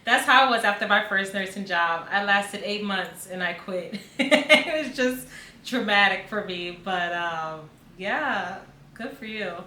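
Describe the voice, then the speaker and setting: A woman's voice: mid-range voice, lively intonation, measured pace, sharp tone. A woman who worked as a nurse, giving blunt, frank advice. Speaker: nurse commentator. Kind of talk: direct advice. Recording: echoey room.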